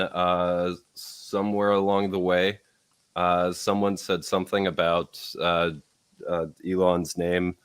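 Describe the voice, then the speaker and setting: Deep, dry-voiced man, rambling casual co-host. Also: a bit bright, clean tone, dry recording. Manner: rambling, hesitant with many fillers. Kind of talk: casual podcast chat.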